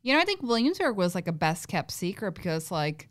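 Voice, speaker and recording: Relaxed woman chatting on a podcast. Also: fairly low pitch, fairly quick. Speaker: podcast guest. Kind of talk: casual chat.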